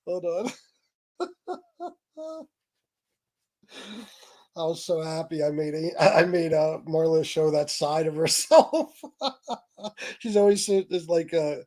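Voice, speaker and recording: A man's voice: a little high, big pitch swings, slow pace, pauses often, darkish tone. A man hosting a casual livestream, telling a story crudely and mocking someone with frequent laughter. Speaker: livestream host.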